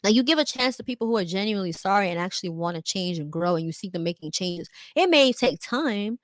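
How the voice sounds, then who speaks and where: A woman's voice: mid-range voice, lively intonation, quick pace, dry recording. Emphatic young woman, dry close sound. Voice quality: frequent "like" and "you know" fillers. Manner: candid, emphatic, acts out quotes in other voices. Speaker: vlogger. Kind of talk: livestream monologue.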